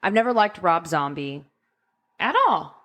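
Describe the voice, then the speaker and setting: A woman's voice: fairly low pitch, expressive, unhurried, fairly bright tone. A woman co-hosting a podcast, talking casually with lots of ums and likes. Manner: chatty, frequent ums and likes. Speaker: podcast co-host. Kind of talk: casual chat.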